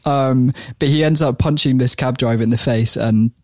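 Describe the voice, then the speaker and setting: A man's voice: mid-range voice, normal speed, darkish tone. Man telling stories, laughing often. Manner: chatty, laughs often, many fillers and restarts. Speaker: podcast host. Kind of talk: podcast storytelling.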